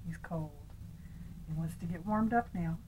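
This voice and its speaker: An older woman reading a picture book aloud to her grandchild, gentle, asking the child little questions, sometimes dropping into a whisper. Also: fairly low pitch, normal speed, noisy background.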